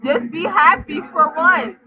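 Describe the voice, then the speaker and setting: A woman's voice: very high voice, unhurried. A drunk woman livestreaming, giggling and teasing someone in repetitive casual banter. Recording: dull lo-fi stream audio.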